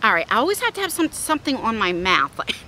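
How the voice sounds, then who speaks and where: A middle-aged woman vlogger tells a story in a casual, blunt way. Her voice sits high and swings widely in pitch. Its tone is bright and forceful. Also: fast, slight background noise. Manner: animated, blunt storytelling with swearing.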